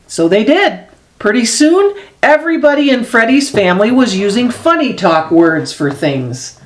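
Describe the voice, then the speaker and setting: A woman reading a children's picture book aloud as a storyteller, expressive and unhurried, dropping low for the grown-ups. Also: reverberant. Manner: slow expressive read-aloud with lively swings; drops low and soft for the grown-ups' voices.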